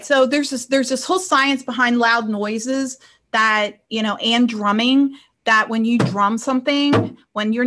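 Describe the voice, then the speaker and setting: Woman life coach, slightly high voice, chatty online class, laughs easily, keeps checking in with her students. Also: background noise. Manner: chatty, tags nearly every point with "okay?", laughs easily. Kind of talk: casual live online class.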